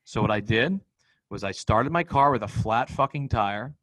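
A man's voice: on the low side, moderate pace, no room sound. Blunt, profane male storyteller. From Boston. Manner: blunt, profane, animated retelling with acted-out quotes. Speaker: podcast guest. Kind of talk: candid personal storytelling.

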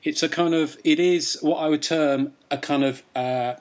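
A man's voice: fairly high pitch, fairly even intonation, normal speed. A man hosting a casual podcast chat, talking in a chatty way with many hesitations. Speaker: podcast host.

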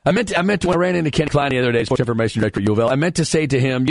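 A man hosts a sports talk radio show in a chatty, animated way, with a mid-range voice. He is close on a dry studio mic, and he jokes about his co-host between sports takes. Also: medium pitch, very fast, creaky, hardly any pauses, dry recording.

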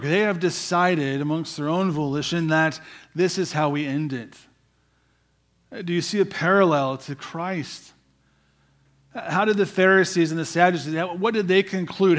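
Preacher, male, higher-than-average voice, conversational sermon, rhetorical questions, drops quiet for emphasis. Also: moderate pace. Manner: asks the congregation questions, frequent "right?" and repeated words.

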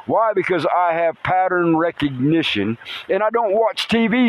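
A man hosting a podcast outdoors in a rainstorm by a river, talking in an excitable, rambling way and swearing casually. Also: fairly high pitch, a little slow, slight background noise, poor audio. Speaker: podcast host. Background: faint rain and river ambience.

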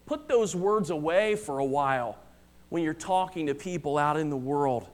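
A male pastor preaches with a high, ringing voice, driving home each point with urgency. He repeats key phrases for weight and often calls his listeners family. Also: lively intonation, normal speed. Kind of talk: sermon. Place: church.

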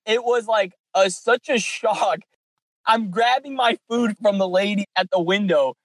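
A man co-hosting a casual sports podcast, telling stories in an animated way and acting out the dialogue. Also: high-pitched, normal speed, dry recording, poor audio. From California. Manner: animated storyteller, acts out dialogue. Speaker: podcast co-host.

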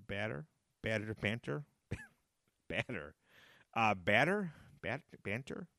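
Recorded at studio quality with no room sound, a podcast host talks alone in a casual, chatty, rambling style. His medium-pitched voice is a bit bright, and he often laughs at his own jokes and repeats phrases for emphasis.

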